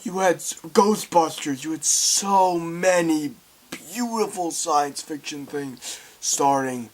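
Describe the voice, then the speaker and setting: A young man giving a casual film review, excitable and swearing, acting out scenes loudly. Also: on the high side, slow pace.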